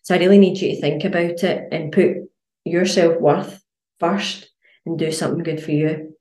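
A woman's voice: lowish voice, steady tone, normal speed, dark tone, echoey room. A woman hosting a casual solo podcast as a fitness coach, blunt and chatty with plenty of swearing.

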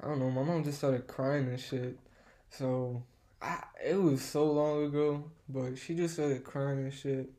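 A man chatting on a casual podcast, dropping relaxed, profane remarks. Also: mid-range voice, a little slow. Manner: laid-back, profane interjections. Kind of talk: casual chat.

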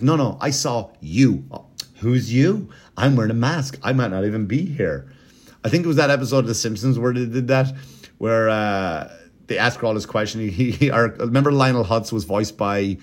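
A man hosting a podcast, telling a story in a rambling, profane, casual comedic way, with mocking impressions. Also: mid-range voice. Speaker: podcast host.

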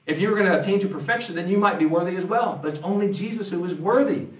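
A man's voice: sits high, racing. A man preaching a conversational sermon, acting out quoted voices as he goes. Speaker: pastor. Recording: roomy, from a distance.

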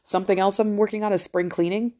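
A woman's voice: medium pitch, steady tone, fast, warm tone. A middle-aged woman hosting a podcast, talking in a casual, rambling monologue, blunt and swearing freely. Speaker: podcast host.

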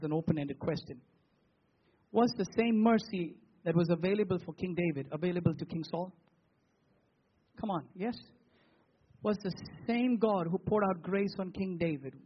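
High-voiced husky male preacher. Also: lo-fi sound. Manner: preaching with rhetorical questions and emphatic pauses. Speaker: pastor. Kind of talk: sermon.

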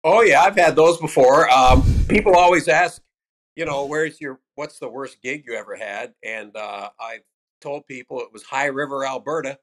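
An older American stand-up comedian, speaking at medium pitch and a moderate pace, tells loose, salty stories from his career in a casual interview. His anecdotes are profane, with animated voices for the people he quotes.

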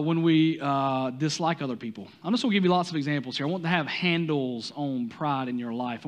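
A man with a Southern US accent preaching a sermon, talking to the congregation with many rhetorical questions and some stumbles. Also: on the high side. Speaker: pastor.

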